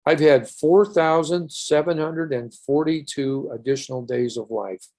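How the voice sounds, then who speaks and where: A man's voice: a little high, a little slow, darkish tone. An older man, a podcast guest, recounting a personal story earnestly in a rambling way with restarts.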